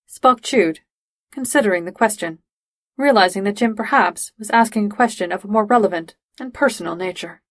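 A woman reading fan fiction aloud in a steady, measured storytelling voice. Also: mid-range voice, no echo. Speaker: reader.

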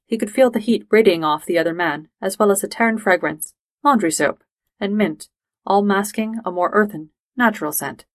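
A woman reading fan fiction aloud in a steady, measured storytelling voice. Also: mid-range voice, dry recording. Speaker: reader.

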